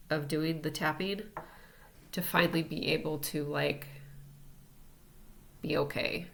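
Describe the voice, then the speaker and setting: A woman teaching an energy healing technique in a casual, relaxed way, talking as she demonstrates tapping on herself. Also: sits low, vocal fry. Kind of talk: casual instructional talk.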